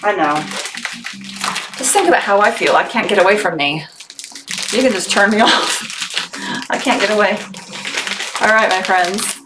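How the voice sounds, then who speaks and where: A woman's voice: mid-range voice, normal speed, pauses often. A chatty, bubbly woman who laughs often, running a casual live sales stream for her small family business while packing orders. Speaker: small business owner selling on a livestream. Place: home workspace packing orders. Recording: background noise with clicks.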